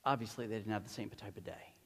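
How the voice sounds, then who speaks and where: A male pastor preaching a sermon, animated and emphatic, asking the congregation rhetorical questions. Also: on the low side, quick pace. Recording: long hall reverb.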